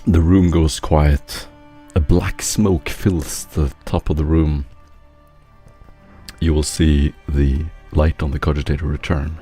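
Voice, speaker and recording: A man with an extremely deep, dark voice runs a tabletop role-playing game. He narrates each scene slowly and evenly. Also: little pitch movement, soft background music. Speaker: game master.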